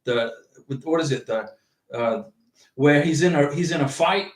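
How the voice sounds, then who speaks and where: A man hosting a livestream, chatting casually and reading out viewer comments in an animated, rambling way with many restarts. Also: on the high side, normal speed, recorded from a distance. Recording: roomy echo, from off the mic.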